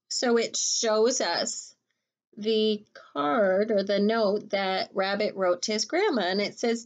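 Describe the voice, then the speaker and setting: A woman, a teacher reading a picture book aloud to children in a gentle, chatty way. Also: mid-range voice, slow, dull audio.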